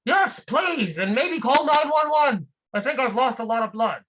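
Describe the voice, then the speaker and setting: Trapped, desperate victim, high shrieking yells, put on by the performer. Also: expressive, normal speed, highs cut off. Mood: panicked. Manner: shrill desperate yelling. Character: panicked person trapped under a rock. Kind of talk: comic performance piece.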